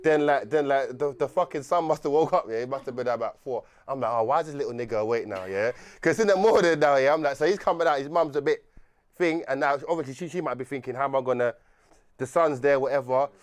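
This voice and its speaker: A young man telling a rambling, animated story on a podcast, laughing often and restarting his sentences. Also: mid-range voice, quick pace. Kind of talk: casual storytelling chat.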